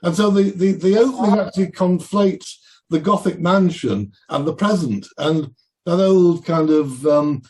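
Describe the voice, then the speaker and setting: Older guy on a podcast, slightly high voice, stops and restarts a lot, thinks out loud. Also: unhurried. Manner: hesitant, many restarts and fillers. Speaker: guest horror writer. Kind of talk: casual podcast discussion.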